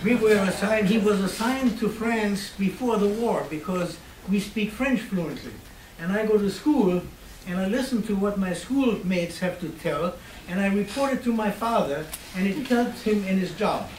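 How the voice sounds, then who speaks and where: An older man recounts his past in a wry, conversational manner, pausing on fillers as he goes. His voice sits high for a man. It is picked up from a distance in a roomy, echoing hall with faint ambient noise. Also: darkish tone. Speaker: Holocaust survivor speaker. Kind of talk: storytelling talk. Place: hall at a university.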